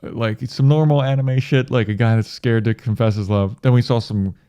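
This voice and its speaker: A man's voice: medium pitch, fairly even intonation, moderate pace, mellow, clean tone, no room sound. A man co-hosting a podcast, retelling a film scene in casual, profane chat. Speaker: podcast co-host.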